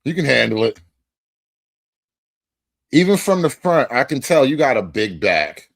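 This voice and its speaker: A man hosting a casual reaction show, joking crudely and laughing, dropping to low mutters and jumping up loud. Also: big pitch swings, unhurried, vocal fry, dry recording, clean studio sound. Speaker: show host reacting to a debate.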